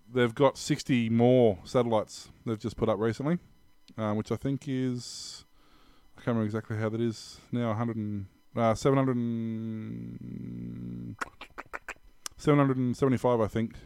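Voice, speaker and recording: A man co-hosting a tech news podcast, rambling through stories with plenty of fillers and restarts. His voice is smooth and clear, and the recording is dry and close. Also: medium pitch, fairly even intonation, a little slow, a little mellow, no echo. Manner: rambling, hesitant, laughs often. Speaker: podcast co-host. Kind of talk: casual tech news chat.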